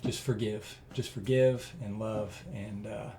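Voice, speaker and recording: A man guest telling a personal story in an interview, earnest and rambling with many fillers, growing loud and animated at emotional moments. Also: fairly low pitch, slow pace, noisy background.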